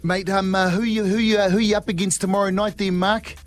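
A man's voice: high-pitched, level tone, brisk, soft background music. A man co-hosting a breakfast radio show, teasing a guest with jokey banter and laughter. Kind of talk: joking breakfast radio chat.

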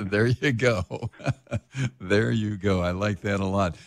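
An older man hosting a faith talk radio show, earnest, slowing down to stress his points. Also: lowish voice, creaky, no echo. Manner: earnest, slows down for emphasis. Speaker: radio host. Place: radio studio.

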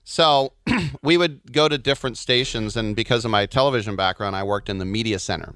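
A man co-hosting a podcast, telling animated stories in casual chat and slipping into silly voices. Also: on the low side, fairly quick, smooth, dry recording, clean studio sound. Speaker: podcast co-host.

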